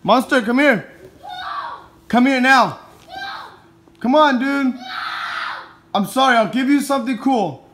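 A woman's voice: high-pitched, slow, pauses often, slight background noise. A woman filming a prank on her son at home, teasing him and laughing through casual commentary into a handheld phone. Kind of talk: casual home vlog narration. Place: indoors at home.

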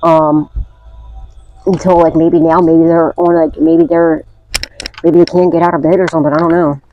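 A woman's voice: low-pitched, flat delivery, moderate pace, dull audio, faint music behind. A woman doing a casual spiritual tarot reading, chatty and blunt, swearing freely and often asking "okay?". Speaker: tarot reader.

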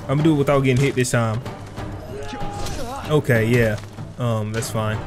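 Fighting through a game in a let's play, a young gaming channel host keeps up slangy trash talk as game music plays. He has a mid-range voice and talks at normal speed.

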